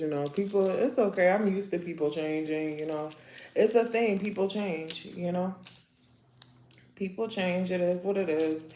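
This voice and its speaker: A woman hosting a casual livestream, chatting in slang and often breaking into loud laughter. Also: fairly low pitch, roomy sound, slight background noise. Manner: gossipy, bursts into loud laughter; chatty, slangy, talks while doing her nails. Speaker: livestream host.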